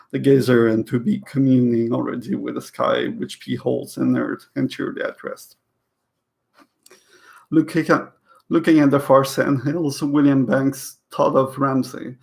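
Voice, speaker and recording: This man's voice sits at a medium pitch, gravelly and slightly mellow. Reading a novel aloud in an easygoing way, he trips over words, repeats them, and drifts into talkative comments.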